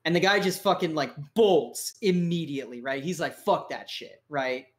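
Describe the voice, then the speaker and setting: A man's voice: fairly high pitch, animated, moderate pace. A young man narrating a tabletop game as game master, casual and joking with lots of swearing and fillers.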